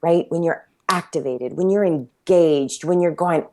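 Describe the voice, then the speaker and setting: A woman's voice: fairly low pitch, a little slow, warm tone. A woman who created a workout method, talking passionately and emphatically in an interview, sometimes acting out her own self-talk. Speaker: fitness instructor and workout creator. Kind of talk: interview conversation.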